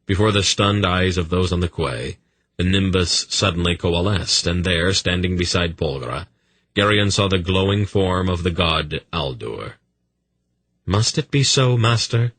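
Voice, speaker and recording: Male audiobook narrator, deep, forceful and husky, dry close sound. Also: moderate pace, dry recording.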